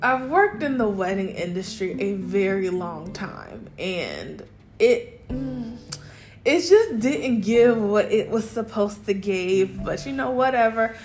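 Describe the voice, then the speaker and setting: A young adult woman hosting a podcast, recapping a TV episode in a casual, animated way, swearing freely and laughing as she talks. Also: mid-range voice, takes it slowly, soft background music. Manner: animated, profane, laughing storyteller. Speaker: podcast host.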